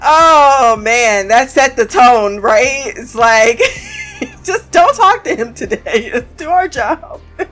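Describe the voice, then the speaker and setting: A woman with a fairly high voice recaps a TV episode in loose, casual chat. She swears freely and keeps breaking into laughter. Faint music plays behind her. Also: slow. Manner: profane, animated, laughs often. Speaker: show reviewer.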